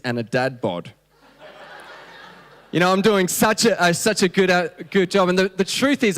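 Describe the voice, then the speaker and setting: A man in his thirties with an Australian accent, preaching a conversational, humorous sermon full of restarts. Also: high voice. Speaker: pastor. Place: church hall. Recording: long church hall reverb.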